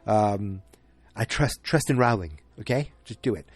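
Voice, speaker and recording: A man's voice: on the low side, lively intonation, measured pace, no room sound. A man hosting a podcast, casually recapping a film in a rambling way with lots of fillers and restarts. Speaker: podcast host.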